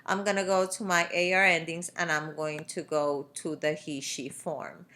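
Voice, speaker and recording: A woman's voice: low voice, little pitch movement, moderate pace, pushed and bright. A woman teaching a grammar lesson over a screen recording, explaining step by step with patient fillers. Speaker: Spanish teacher.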